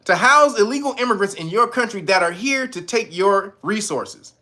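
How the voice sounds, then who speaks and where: Bright-voiced man ranting and laughing. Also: high-pitched, moderate pace. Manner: animated, profane, laughing often. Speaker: host. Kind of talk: casual commentary stream.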